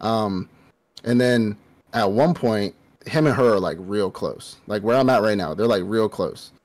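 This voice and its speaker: A man with a fairly low voice recaps an anime story for his co-host. He talks in loose, profane casual chat. Now and then he slips into the characters' voices to act out their lines. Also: a little slow, a little mellow. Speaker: podcast co-host.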